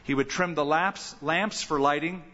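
A male pastor preaching a sermon with lively delivery, acting out the lines he quotes. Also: a little high, moderate pace. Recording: muffled sound with long hall reverb.

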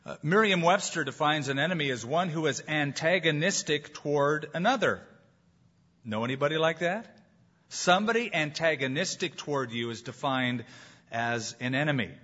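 A man preaching an animated, emphatic sermon as pastor, with jokes along the way. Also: fairly high pitch, normal speed. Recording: dull lo-fi sound.

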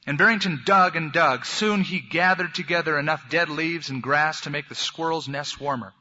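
A pastor tells a story to his congregation, then leads them in prayer. His voice is bright and piercing, and the recording sounds dull and lo-fi. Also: on the high side, moderate pace, hardly any pauses. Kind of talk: sermon storytelling.

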